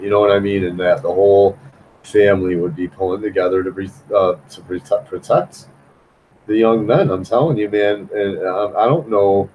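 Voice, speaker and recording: A man's voice: on the low side, steady tone, moderate pace, a little mellow, a little hiss or hum, rough recording. A man chatting loosely on a live stream while he draws, rambling and repeating himself in a frustrated way. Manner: rambling, repetitive, frustrated, keeps saying "man". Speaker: live-stream host drawing.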